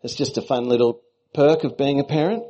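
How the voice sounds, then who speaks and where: A man's voice: medium pitch, a little fast, dark tone, low-quality recording. A middle-aged Australian man giving a sermon as a guest preacher, with playful, chatty asides to the congregation.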